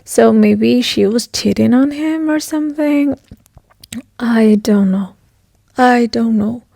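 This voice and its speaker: A woman's voice: a little high, takes it slowly, gravelly, warm tone, no echo, clean studio sound. A young woman chatting casually in a reading vlog, rambling and emotional, swearing often and sometimes dropping to a whisper. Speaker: book vlogger.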